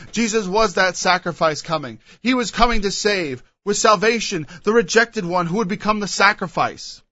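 Male preacher, high bright voice, reads verse then expounds, dry and slightly dull recording. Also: no room sound. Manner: reads scripture aloud, then explains it with emphatic asides. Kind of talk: expository Bible sermon.

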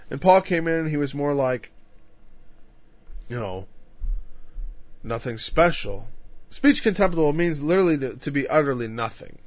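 A man's voice: on the high side, animated, moderate pace, long pauses, dry recording, lo-fi sound. Casual male Bible teacher, dry sound. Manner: casual, acts out quotes in voices. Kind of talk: conversational sermon.

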